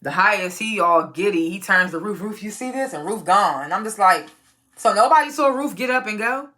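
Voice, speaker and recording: A woman casually recapping a TV episode, profane and animated, often laughing and acting out the characters' lines. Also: medium pitch, normal speed. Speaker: TV recap reviewer.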